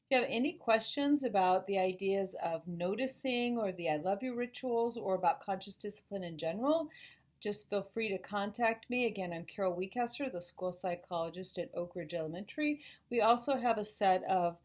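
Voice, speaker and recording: A woman school psychologist calmly explaining parenting ideas to parents, modeling gentle phrases to say to children. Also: mid-range voice, normal speed. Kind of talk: informational talk to parents.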